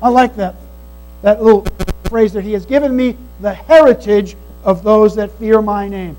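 A man's voice: high-pitched, moderate pace, warm tone, soft background music, rough recording. A man preaching a sermon as pastor, earnest and emphatic, repeating key phrases. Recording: mains hum behind the voice.

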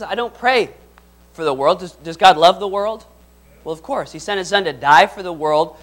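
Man, preacher, sermon, reads scripture, asks questions, a touch high-pitched. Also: a bit bright. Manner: conversational, asks the audience questions.

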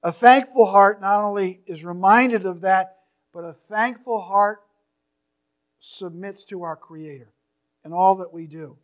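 A man preaching in a church with a notably high voice. He reads scripture slowly and forcefully, then lets his phrases fall away softly. The delivery is steady and earnest. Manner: reads scripture slowly and emphatically, drops to near-whispers at phrase ends. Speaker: pastor. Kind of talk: sermon.

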